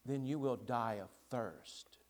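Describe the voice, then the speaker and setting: A man voicing a stern, ancient male lion in a storybook reading during a sermon, speaking low, quiet and unhurried. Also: big-room sound, close to an everyday voice.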